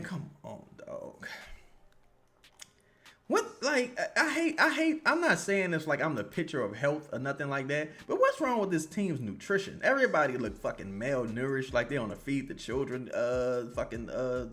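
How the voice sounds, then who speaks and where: A man's voice: mid-range voice, normal speed. A young man, streaming commentary on a basketball game. He curses, repeats himself and greets chat viewers by name. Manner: profane, excitable, yells at the players then calms down. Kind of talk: live-stream watch-along commentary.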